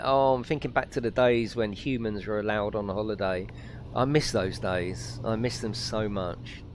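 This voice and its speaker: A man chatting through a live gaming stream, excitable and talkative. His voice swings widely up and down in pitch as he reacts, and faint game sounds sit quietly behind him. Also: a little hiss or hum. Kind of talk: live let's-play commentary, chatting with viewers.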